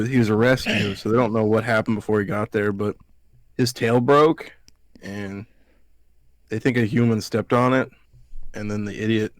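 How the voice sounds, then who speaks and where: A man's voice: lowish voice, no room sound. A man from Alabama co-hosting a podcast, telling rambling, profane stories in casual chat and acting out other people's lines. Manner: profane, rambling storyteller who acts out quotes. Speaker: podcast co-host.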